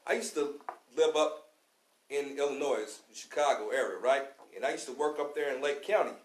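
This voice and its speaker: On a radio show, a Louisville, Kentucky man plays class teacher, delivering a fiery preaching lecture in street slang and saying "you know what I'm saying" over and over. He speaks at medium pitch and normal speed; the recording is rough and the room echoes.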